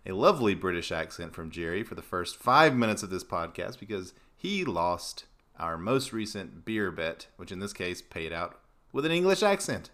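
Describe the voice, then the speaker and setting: A man's voice: sits low, very animated, normal speed, fairly bright tone. A man hosting a casual sports podcast, laughing often and rambling loosely. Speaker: podcast host.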